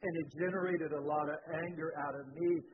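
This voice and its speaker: A male pastor tells a story from the pulpit in a lively, storytelling manner, his voice jumping high and loud when worked up. His voice sits a little higher than most men's. The sound is thin and phone-like, with a faint hiss underneath. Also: brisk. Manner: animated storytelling with sudden rises in pitch and volume. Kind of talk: sermon with personal storytelling.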